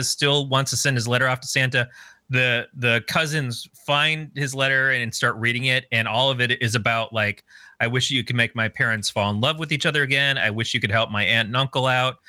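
A man chatting casually about a movie, recapping the plot in a measured, thoughtful way. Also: mid-range voice, bright, forceful tone, no echo. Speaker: podcast co-host. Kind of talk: casual movie review chat.

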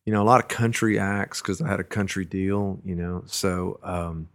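A middle-aged man, a musician, spins anecdotes in an easy, unpolished way. His sentences wander and restart, and he is quick to laugh at himself. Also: deep voice, fairly even intonation. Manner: rambling, many fillers and restarts, laughs at his own stories. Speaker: musician recalling his career. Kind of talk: casual storytelling interview.

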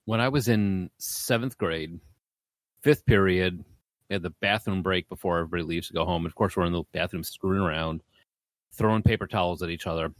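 A man with a lowish voice telling a story in a casual podcast chat. He jumps up high to act out quoted people, and the recording is close and dry. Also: a little fast, dry recording. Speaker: podcast co-host.

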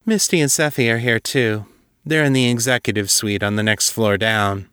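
A man voicing a droll, coolly hostile noblewoman who sounds amused with a sharp edge underneath, in a narrated story. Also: lowish voice, moderate pace, smooth, no room sound, studio quality.

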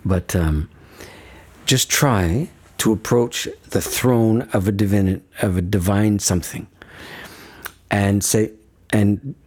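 A man with a husky, low-pitched voice talking in an earnest, emphatic way. He keeps pausing to check in with his listener. His delivery is unhurried, reflective conversation rather than a speech. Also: a little mellow. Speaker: guest speaker on death and dying.

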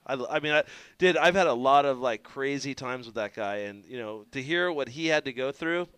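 A man co-hosting a radio show, telling stories in an animated, profane way. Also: mid-range voice, fairly quick, clear, resonant tone, no echo. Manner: animated, swearing, laughing storyteller. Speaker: co-host. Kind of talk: casual storytelling. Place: radio studio.

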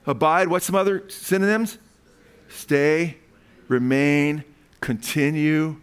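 A man preaching a sermon in a church, speaking into an amplified microphone with animated, emphatic questions to the congregation. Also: medium pitch. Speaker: pastor. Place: church sanctuary.

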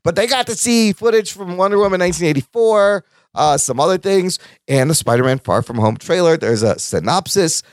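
A man hosting a casual podcast chat, excitable and swearing freely. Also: high voice, a little fast, dry recording, studio quality. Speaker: podcast host.

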